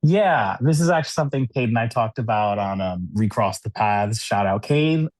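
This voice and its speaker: A man's voice: fairly low pitch, lively intonation, moderate pace, darkish tone, no echo. A man who is a podcast guest, talking casually, with many "like" and "you know" fillers and frequent laughs. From United States. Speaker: podcast guest, cube designer. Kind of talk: casual conversational interview. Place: New York City.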